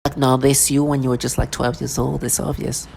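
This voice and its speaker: A vlogger in an intense, repetitive personal monologue who keeps mimicking other people in a lower voice. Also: level tone, brisk, creaky, noisy background.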